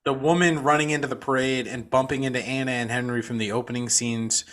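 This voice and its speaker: A man's voice: mid-range voice, fairly even intonation, fast talker, a bit bright. A man co-hosting a podcast, giving his laid-back, profane take on a horror movie and calling his friends "dude". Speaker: podcast co-host. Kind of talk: casual movie review chat.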